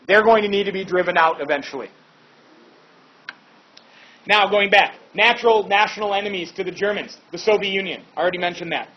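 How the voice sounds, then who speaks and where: A man with a high, husky voice gives a relaxed history lecture, full of chatty asides and casual fillers. The recording sounds dull and lo-fi. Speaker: history teacher.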